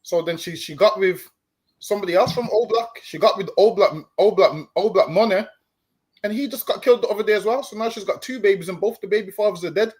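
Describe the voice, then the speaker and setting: A man's voice: high-pitched, fast, a little mellow. A man talking on a stream, preaching and lecturing, often stumbling over repeated words and saying "listen, man.". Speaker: street preacher co-host. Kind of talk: stream discussion.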